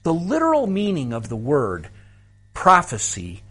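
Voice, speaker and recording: A man with a husky voice gives a Bible lesson at a slow, measured pace. His pitch moves expressively as he patiently explains terms to his students. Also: wildly swooping pitch, a bit bright. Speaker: seminary teacher. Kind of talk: Bible teaching lecture.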